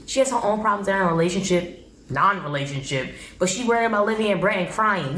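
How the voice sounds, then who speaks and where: Brief: young woman, lowish voice, blunt opinionated recap host, echoey room with faint hum. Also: fast talker, fairly bright tone. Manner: blunt, opinionated, exasperated commentary. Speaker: TV show reviewer. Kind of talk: casual recap vlog.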